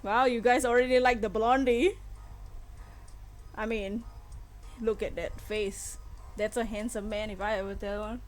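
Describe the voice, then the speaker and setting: A woman's voice: fairly high pitch, fairly even intonation, unhurried, long pauses. A woman chatting casually with her viewers while playing through a game on a live stream, giggling often. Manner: chatty, giggly, talks to chat. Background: faint game music.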